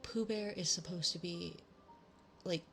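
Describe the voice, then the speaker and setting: Soft-spoken gravelly woman streamer. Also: fairly low pitch, a little slow, soft background music. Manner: rambling, casual, self-deprecating. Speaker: ASMR streamer. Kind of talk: soft-spoken chat and storybook reading.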